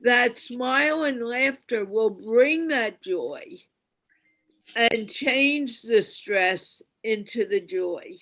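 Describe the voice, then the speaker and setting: A woman's voice: on the high side, drawn-out words, a bit bright, low-quality recording. A woman hosting an online panel, speaking in an earnest, encouraging way over a video call. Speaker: host. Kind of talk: casual panel talk.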